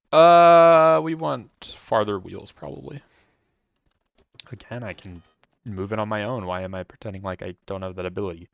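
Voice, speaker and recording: A man's voice: lowish voice, vocal fry, fairly bright tone, clear, resonant tone, no room sound, dull audio. A young man streaming a building game, rambling through casual commentary with jokey self-mocking asides.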